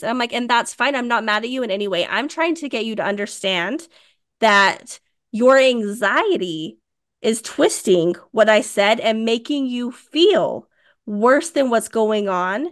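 A woman's voice: on the high side, measured pace. Chatty woman telling a story. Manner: animated storytelling, acts out quoted dialogue. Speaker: podcast co-host. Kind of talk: casual podcast chat.

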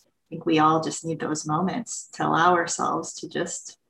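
A woman's voice: deep voice, little pitch movement, normal speed, gravelly, a bit bright, low-quality recording. A woman guest on a podcast, candidly sharing a personal story with emotion and acted-out quotes. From United States.

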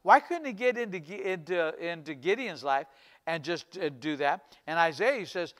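A man's voice: a little high, expressive, moderate pace, fairly bright tone. A man, a pastor, preaching a fervent sermon with rising, repeated exhortations.

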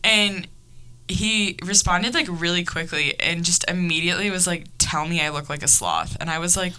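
A young woman hosting a podcast, telling a story in casual chat, animated, with lots of laughter and fillers. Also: fairly low pitch, moderate pace, smooth. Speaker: podcast host.

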